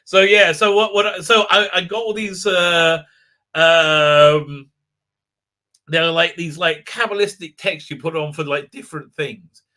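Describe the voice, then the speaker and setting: A man's voice: on the high side, fairly even intonation, a little slow, bright, forceful tone. A man hosting a casual live stream, talking in a rambling way with many fillers, restarts and frequent laughs. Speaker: livestream host.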